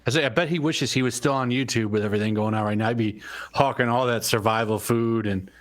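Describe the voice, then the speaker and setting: A man's voice: medium pitch, quick pace. A man who joins a casual livestream chat as a guest and talks in an easygoing, reminiscing way.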